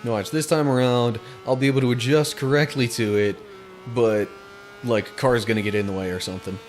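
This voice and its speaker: A man's voice: mid-range voice, brisk, slight background noise. Chatty man narrating a racing game. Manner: chatty, laughs easily, excitable while driving. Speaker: gaming channel host. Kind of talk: casual let's play commentary.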